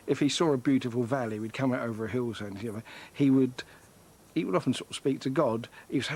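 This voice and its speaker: A man looks back on old times with a friend. His voice sits at an ordinary middle pitch. He recalls them fondly, taking his time. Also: brisk, darkish tone. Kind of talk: reminiscing interview clip.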